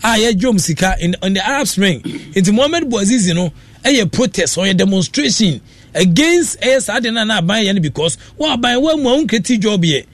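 A man's voice: high-pitched, animated, brisk. A Ghanaian man hosting a radio show, giving rambling casual commentary that mixes Akan and English.

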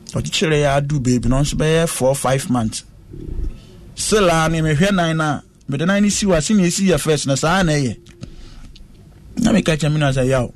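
A man sits for an interview and recounts a hard personal ordeal. He tells it slowly and earnestly at a middle pitch. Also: a little mellow. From West Africa.

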